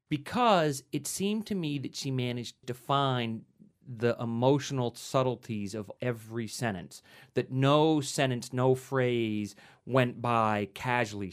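A male author talking in an interview in an earnest, articulate and enthusiastic way. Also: mid-range voice. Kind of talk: conversational interview.

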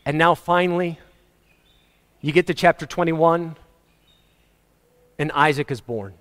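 A man's voice: fairly high pitch, measured pace, a bit bright, smooth. A man preaching a sermon to his congregation in a conversational way, chuckling and acting out quotes. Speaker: pastor. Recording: long hall reverb.

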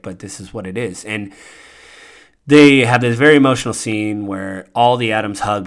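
Low-voiced man rambling through a movie recap. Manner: rambling, earnest, many fillers and restarts. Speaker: podcast host.

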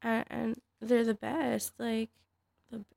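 A woman's voice: fairly high pitch, little pitch movement, slow pace, gravelly, a little mellow, no echo, studio quality. A woman, a fighter guest, chatting casually and hesitantly, with many fillers and restarts. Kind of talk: casual podcast chat.

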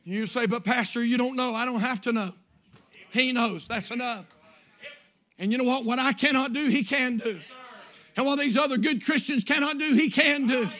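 A male pastor preaching a fervent revival sermon in church, climbing to shouted bursts and then dropping low and quiet, acting out pleading prayers. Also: normal speed. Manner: acts out prayers and quotes in a pleading voice.

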